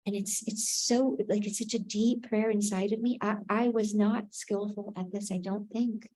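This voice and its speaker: A woman giving a reflective spiritual teaching, unhurried, often checking in with "right?". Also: medium pitch, steady tone, dark tone, poor audio.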